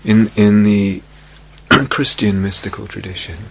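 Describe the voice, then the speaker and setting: Deep gravelly man giving a dharma talk. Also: little pitch movement, a little hiss or hum. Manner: slow, reflective, repeats phrases softly. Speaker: meditation teacher. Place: retreat meditation hall.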